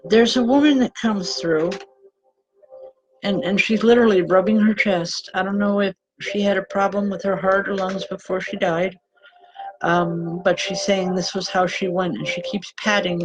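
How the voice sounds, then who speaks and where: A woman working as a spiritual medium, giving live readings and passing on messages in an earnest, gentle, halting way. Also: mid-range voice, steady tone, poor audio. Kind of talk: live online psychic readings.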